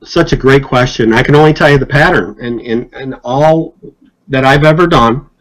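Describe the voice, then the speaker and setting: A man's voice: normal speed, poor audio. A man as a podcast guest, telling stories casually and acting out the people he quotes. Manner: animated, acts out quotes with rising pitch. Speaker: hypnotist guest. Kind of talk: casual storytelling.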